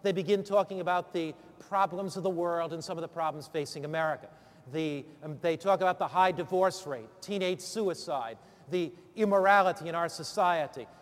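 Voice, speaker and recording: A man's voice: fairly high pitch, normal speed. A man coaching preachers through a sermon series, then preaching the text with rousing call-and-response questions. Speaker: preacher training other preachers. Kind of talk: sermon-preparation instruction turning into preaching. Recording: long hall reverb.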